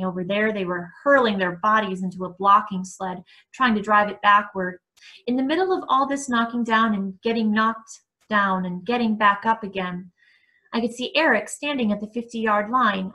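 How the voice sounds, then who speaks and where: A woman reading a novel aloud, expressive, with occasional small restarts. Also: medium pitch. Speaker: book reader.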